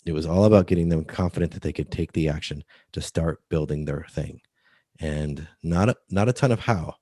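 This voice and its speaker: A man's voice: very deep voice, brisk, warm tone, no echo, clean studio sound. A man as a podcast guest, explaining earnestly how books should lead readers to one step. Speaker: guest, book coach. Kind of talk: podcast interview.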